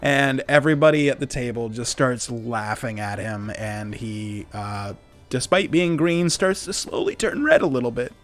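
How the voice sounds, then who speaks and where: A man's voice: mid-range voice, expressive, moderate pace, soft background music. A man narrating as game master in a laid-back way with many fillers.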